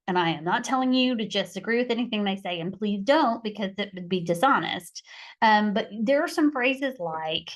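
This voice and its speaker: A woman's voice: medium pitch, expressive, moderate pace. A middle-aged woman mediator teaching conflict skills, stressing her points by repeating key phrases. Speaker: mediator and conflict resolution instructor. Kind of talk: podcast teaching talk.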